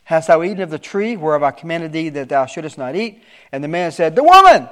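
A middle-aged man preaching a sermon with emphatic rises and sudden soft asides. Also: a little high, fairly quick.

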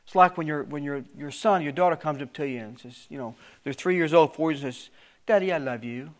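A man leads a verse-by-verse Bible study in a slightly high voice. He reads scripture with rising emphasis, then drops into plain explanation, often restarting and repeating his words. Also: fast. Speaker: preacher.

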